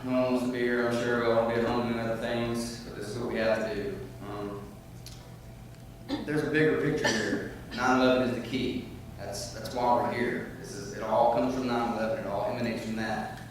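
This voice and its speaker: A man speaking at a public forum, rambling and growing loud and heated as he makes his comments. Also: medium pitch, little pitch movement, a little fast, a little hiss or hum. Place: meeting room. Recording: echoey room from far off.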